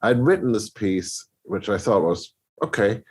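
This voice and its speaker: A slightly rough, lowish voice belongs to a middle-aged film composer who talks a little slowly while sharing stories as a podcast guest. He's an animated narrator, frequently restarting and mimicking how people responded.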